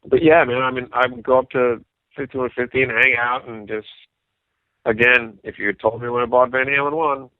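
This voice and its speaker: Over a dry, tinny, phone-like line, a man with a medium-pitched voice speaks at a moderate pace. He's a musician guest in a casual interview, and he tells his stories animatedly, acting out what others said.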